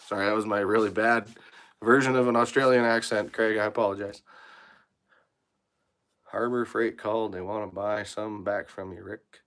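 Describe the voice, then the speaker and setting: A man with a fairly low voice talks shop from his workshop. He speaks bluntly, curses without a second thought, and rambles in a relaxed way as he answers viewers on a casual live stream. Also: moderate pace. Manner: blunt, swears freely, rambling shop talk. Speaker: mechanic livestreaming from his shop.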